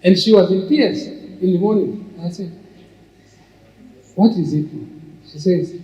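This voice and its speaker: In a muffled, echoey hall, an older man who works as an entrepreneur and speaker tells lengthy stories to a crowd, often restarting his sentences. His high-pitched voice is mellow, with a measured pace and long pauses.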